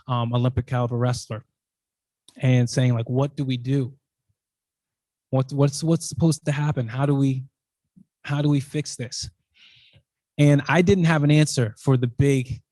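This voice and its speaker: A man's voice: mid-range voice, a little mellow, dry recording. A man giving a talk, telling a personal story in a loose conversational way with frequent restarts and fillers. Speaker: invited speaker.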